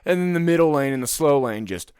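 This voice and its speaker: A man's voice: a little high, fast talker, clear, resonant tone, no echo. A young man hosting a podcast in casual chat, ranting and swearing as he tells stories at a close mic at home. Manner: ranting, profane, animated storytelling. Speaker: podcast host.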